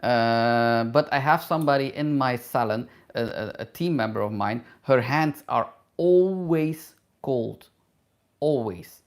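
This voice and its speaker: Slow-talking man hosting a live Q&A. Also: mid-range voice. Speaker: travel vlogger and hairdresser answering viewer questions. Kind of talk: live Q&A, casual chat.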